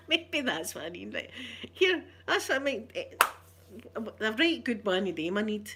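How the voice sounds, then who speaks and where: A Scottish woman talking to her viewers in a loose, rambling livestream chat. Her voice sits at a middling pitch, and she teases herself as she goes. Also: animated, moderate pace, a bit bright, a little hiss or hum. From Scotland. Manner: rambling, chatty and self-teasing. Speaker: ASMR streamer chatting with viewers.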